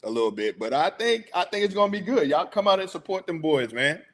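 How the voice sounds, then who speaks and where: A man's voice: sits high, big pitch swings, a little fast. A middle-aged man hosting a casual sports talk show, chatty and hyped, laughing often.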